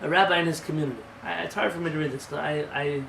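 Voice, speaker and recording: A man's voice: a little high, fairly even intonation, racing, vocal fry, fairly bright tone. A man, a rabbi, teaching an informal class in a conversational, emphatic way, often asking rhetorical questions. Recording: roomy sound from a distant mic with faint noise.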